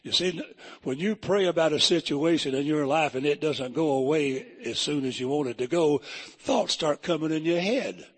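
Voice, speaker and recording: Husky preacher, folksy and funny, kinda high voice. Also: male voice, moderate pace. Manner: folksy, humorous, animated. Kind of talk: folksy storytelling sermon.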